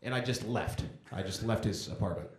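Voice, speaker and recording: On a comedy club stage, a man with a fairly low voice moves at a brisk clip through his set. The room is echoey, and his delivery is casual and self-mocking, with characters voiced throughout his anecdotes.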